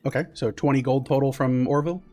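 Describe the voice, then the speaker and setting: A man narrating as game master in a tabletop game, with relaxed narration full of fillers. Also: mid-range voice, fast, soft background music.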